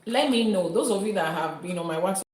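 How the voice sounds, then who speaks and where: A woman's voice: mid-range voice, animated, fast talker, a little mellow. A woman from Nigeria hosting a live-stream teaching, talking earnestly and emphatically to her viewers and reading their comments. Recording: echoey room.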